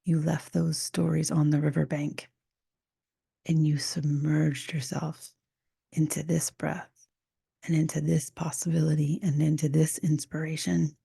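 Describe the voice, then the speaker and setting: Woman host, warm low tone, flat delivery, soft half-whispered reflective monologue. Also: measured pace, gravelly, slightly rough, no echo, clean studio sound. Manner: soft, often half-whispered, musing with restarts. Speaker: podcast host. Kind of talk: reflective solo podcast talk.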